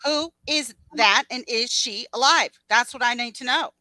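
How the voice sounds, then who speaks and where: A woman co-hosting a livestream from a home mic, telling a story excitedly and swearing freely. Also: fairly high pitch, moderate pace, dry recording, rough recording. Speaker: livestream co-host. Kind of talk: casual gossip chat.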